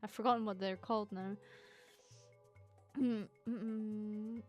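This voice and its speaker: A Scottish woman streamer chatting casually and reading viewer comments, excitable and teasing, swearing freely. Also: mid-range voice, slow pace, soft background music.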